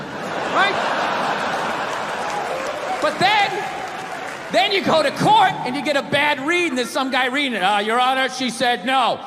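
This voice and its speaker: A man doing stand-up comedy, ranting loudly and exasperated, often shouting and swearing. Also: very high voice. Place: live comedy club stage. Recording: live club set with loud crowd laughter and noise.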